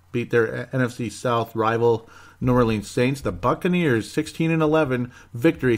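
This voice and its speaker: Sarcastic rambling male sports host. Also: on the low side. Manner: sarcastic, rambling, given to mock despair. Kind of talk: casual sports commentary.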